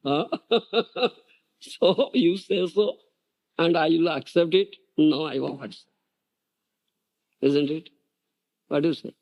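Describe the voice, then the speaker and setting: An older man from India giving a devotional lecture, animated, firing off rhetorical questions and laughing often. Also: a little high, slow, vocal fry, pauses often. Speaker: spiritual teacher.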